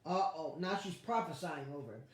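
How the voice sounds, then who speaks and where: A woman pastor, teaching a lively Bible study with playful asides and acted-out quotes. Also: low-pitched, fairly quick. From United States. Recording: very echoey room.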